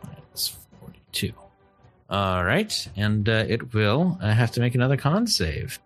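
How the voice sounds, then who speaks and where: A man runs a tabletop game with a slow, halting delivery. His pitch swings widely as he works through rules and rolls. Faint music sits underneath. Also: very animated. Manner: slow, halting, lots of fillers, chuckles often. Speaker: game master.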